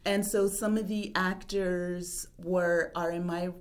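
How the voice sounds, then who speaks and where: A woman's voice: lowish voice, steady tone, slow pace. A woman who writes and produces an audio drama, chatting casually in an interview, often trailing off with fillers and laughing easily.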